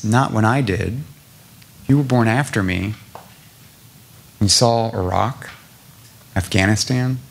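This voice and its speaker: A man's voice: lowish voice, vocal fry. A middle-aged man from South Carolina giving an impassioned public talk, building his points through lists and repeated rhetorical questions. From South Carolina, USA. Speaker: nonprofit president speaking to an audience.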